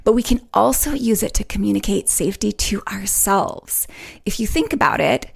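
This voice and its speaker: A woman hosting a solo podcast, talking in a melodic, playful way that swoops up in pitch to make her points. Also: moderate pace, creaky, slightly rough. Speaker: podcast host.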